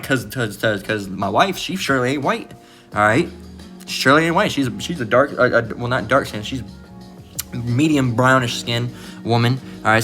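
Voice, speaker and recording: A man preaching from scripture in a loose, cursing, rambling way, stumbling over repeated words and checking in with the listener after each point. His voice sits at a plain middle pitch. Soft music plays underneath. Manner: profane, repetitive, rambling, tag questions. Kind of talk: informal Bible commentary.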